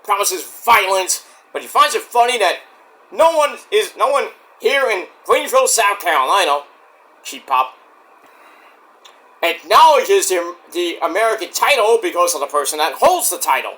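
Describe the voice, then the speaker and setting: A man giving a casual solo review of a wrestling show, rambling and loudly acting out quotes. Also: sits high, big pitch swings, normal speed.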